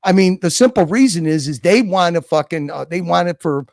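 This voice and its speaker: A high-voiced man with a gravelly edge rants on his livestream, swearing constantly and mocking his critics. His pitch swings all over the place as he talks. The sound is dry and close, with no room around it. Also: animated, brisk, a little mellow, no echo. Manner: profane, mocking, heated rant. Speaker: livestream host. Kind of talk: ranting livestream chat.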